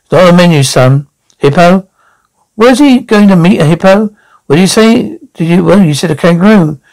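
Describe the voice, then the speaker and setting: This woman, acting in a TV sketch, voices a cheeky, rude elderly London nan with a foul mouth who heckles, taunts and name-calls all around her in a mocking mood. Her delivery is expressive and moderately paced, lowish and a little mellow, on a rough recording.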